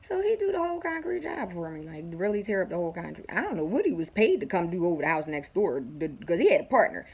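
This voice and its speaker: Blunt, lively-voiced woman telling a story. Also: on the low side, fast talker, hardly any pauses, slightly rough. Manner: profane, blunt, animated storyteller. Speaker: vlogger. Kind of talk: casual storytelling vlog.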